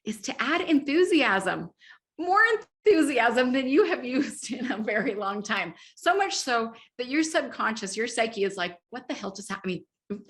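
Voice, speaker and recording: A woman with a fairly high voice talks as an interview guest. She is middle-aged, animated and quick to laugh, and she acts out inner voices as she goes. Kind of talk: enthusiastic interview talk.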